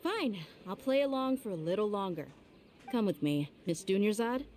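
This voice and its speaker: A woman's voice: medium pitch, big pitch swings, normal speed, a little mellow, slight background noise, close to an everyday voice. An actress voicing a confident young swordswoman and mercenary in a video game, who speaks bluntly. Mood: steady. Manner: blunt and self-assured. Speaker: professional fighter.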